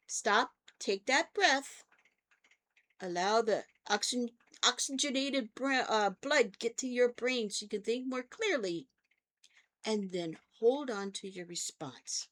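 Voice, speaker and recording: An older woman hosting her own vlog, telling stories in a chatty way and checking in with her listeners as she goes. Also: a little high. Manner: chatty storytelling, often checks in with "okay?". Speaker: vlog host and therapist. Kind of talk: casual talk to camera.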